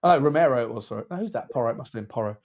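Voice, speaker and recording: A man's voice: medium pitch, rapid-fire. A man hosting a casual football watchalong, jokey and playful, chatting through the match. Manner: jokey, animated, puts on silly voices. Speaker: host.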